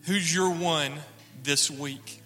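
A man's voice: on the high side, takes it slowly, bright, forceful tone, in a large hall, soft background music. A man sharing an earnest personal testimony in church, acting out the dialogue as he tells it. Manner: earnest storytelling, acts out dialogue.

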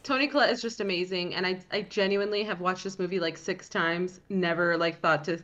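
A woman's voice: lowish voice, fairly quick, highs cut off. A woman co-hosting a film podcast, talking chattily with many fillers. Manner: chatty, filler-heavy, animated. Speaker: podcast co-host. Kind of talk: casual film review chat.

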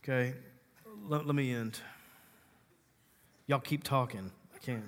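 A man's voice: medium pitch, slow, fairly bright tone, big-room sound. A man preaching a sermon as a pastor, conversational and humorous, teasing his congregation.

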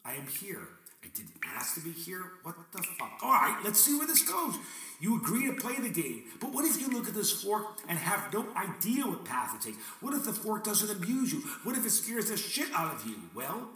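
High bright-voiced guy doing a dramatic monologue talking to god, wry and theatrical, swears a bit, echoey room, mic kinda far off. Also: huge pitch swings, moderate pace. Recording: echoey room, mic at a distance, faint noise.

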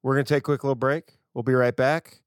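A man's voice: mid-range voice, little pitch movement, fast talker, smooth, dry recording, studio quality. A man from the United States co-hosting a casual film podcast, ranting emphatically with sarcastic asides. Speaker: podcast co-host.

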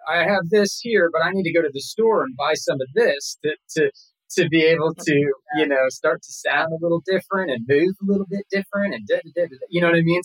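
A man talking casually as an actor guest in an interview, rambling and relaxed with many fillers and restarts. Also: a little high, slightly rough, no room sound, low-quality recording.

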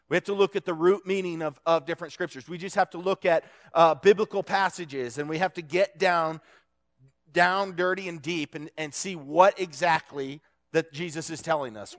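A man with a fairly high voice preaches in a loose, conversational way. He jokes with his young listeners and often restarts his sentences as he talks through his point. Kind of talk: casual sermon.

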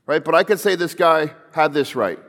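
A man's voice: a little high, moderate pace, fairly bright tone, in a large hall. A man preaching a sermon, telling a story earnestly and building to emphatic calls.

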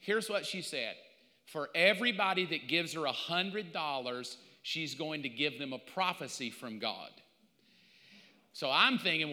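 A man preaching a sermon as pastor, telling stories with lively mock quotes. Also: a little high, normal speed, long reverb tail. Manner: animated storytelling with mock quotes.

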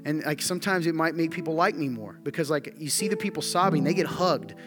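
A man's voice: a little high, expressive, fast talker. A man preaching a sermon to his congregation, talking in an earnest, conversational way that rises to emphatic. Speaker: pastor. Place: church sanctuary. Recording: music playing underneath.

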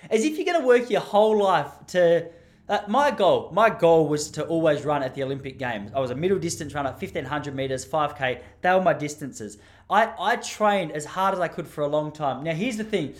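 Aussie guy in his 30s, rambling jokey monologue, voice sits a bit high. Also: brisk. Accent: Australian. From Australia. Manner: rambling, joking, laughs often. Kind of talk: casual monologue.

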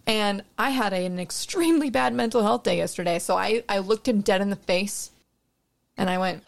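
A woman's voice: medium pitch, normal speed, creaky. A young woman, a barista, chatting frankly and swearing freely as she tells a story. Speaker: barista, podcast co-host. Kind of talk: casual chat, storytelling.

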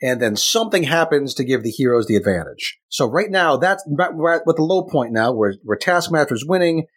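A man's voice: fairly high pitch, very animated, a little fast, breathy edge. A man co-hosting a casual comic book chat, with wry, matter-of-fact commentary. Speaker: podcast co-host.

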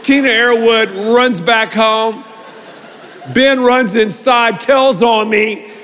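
A middle-aged male pastor preaching a sermon, telling a story with animated delivery and acted-out voices, in a large church auditorium. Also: very high voice, slow pace. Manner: animated, acts out voices in anecdotes. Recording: long reverb of a large hall.

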